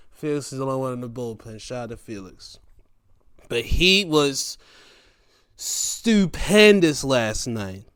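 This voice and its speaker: A man hosting a laid-back sports and wrestling recap, his voice swinging up and down with lively, animated pitch. He talks at an unhurried, drawn-out pace, playful and loose, now and then jumping into high mocking voices. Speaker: podcast host.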